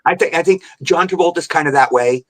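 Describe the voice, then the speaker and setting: An older man, a guest actor on a podcast, telling lively show-business stories and jumping into voices when he quotes people. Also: fairly high pitch, fairly quick. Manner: animated anecdotal storyteller, jumps into voices for quotes. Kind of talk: podcast interview storytelling. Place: remote podcast call.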